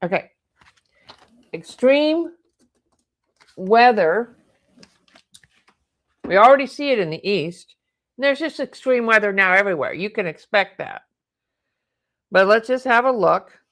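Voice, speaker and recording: A woman's voice: medium pitch, lively intonation, a little slow, pauses often, a bit bright. A woman reading tarot cards aloud, thinking aloud and exclaiming as the cards turn up. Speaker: tarot reader.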